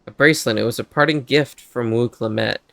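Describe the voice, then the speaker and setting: A man reading the lines of a gentle elderly female nursemaid, soft and plain. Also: mid-range voice, brisk, creaky, dry recording. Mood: sorrowful.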